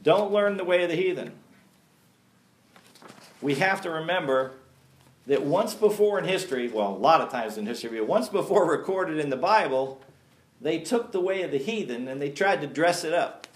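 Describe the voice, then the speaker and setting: A man's voice: a little high, expressive, a little fast, roomy sound. A man teaching a sermon-style Bible study in a folksy, emphatic way, asking his group questions and laughing at his own jokes.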